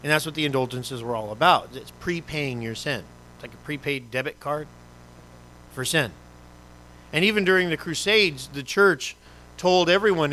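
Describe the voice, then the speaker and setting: A male pastor delivering a sermon in a casual, conversational way. He is animated and keeps asking the congregation rhetorical questions. His voice sits a little high and sounds bright. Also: normal speed, rough recording.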